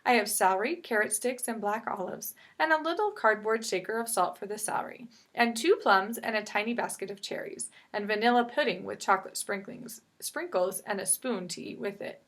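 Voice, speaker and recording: A woman reading a picture book aloud, voicing a fussy little girl who is tired of the same food, in a slow, careful storybook voice. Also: mid-range voice, fairly bright tone, close to an everyday voice. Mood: proud.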